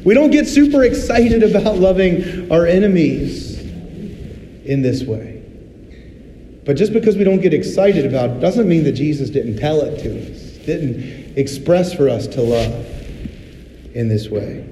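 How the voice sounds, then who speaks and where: Conversational pastor preaching in a roomy hall. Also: male voice, a little high, expressive, a little slow, dark tone, a little hiss or hum. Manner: candid and conversational, acts out little voices. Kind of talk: sermon. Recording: roomy hall reverb, faint ambience.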